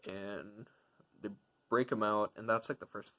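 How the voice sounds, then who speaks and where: A man's voice: fairly low pitch, steady tone, measured pace, bright, forceful tone, low-quality recording. A young man giving a casual, rambling film review, full of fillers and enthusiastic asides. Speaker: movie reviewer.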